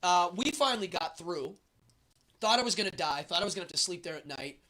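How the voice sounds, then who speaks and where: A man hosting a show, telling a travel story in a lively, animated way and acting out the voices of the people in it. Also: high voice, quick pace. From United States. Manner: lively storyteller, acts out the guards' and his own lines. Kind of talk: animated anecdote.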